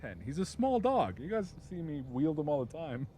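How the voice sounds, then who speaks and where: A man's voice: a little high, very animated, normal speed, mellow, slight background noise. A man streaming and telling a rambling dog story, laughing often and swearing freely. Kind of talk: casual chat.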